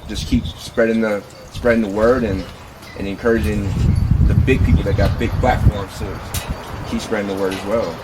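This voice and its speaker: A man's voice: fairly low pitch, fairly even intonation, normal speed, heavy background noise. A man speaking as a guest in a casual chat, earnest and hesitant, repeating himself.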